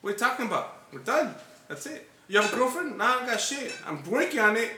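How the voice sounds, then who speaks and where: A man's voice: very high voice, big pitch swings, fast talker, pushed and bright, reverberant, distant mic, slight background noise. A man hosting a podcast and telling a long story in casual, profane chat. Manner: profane, laid-back storyteller. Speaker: podcast host.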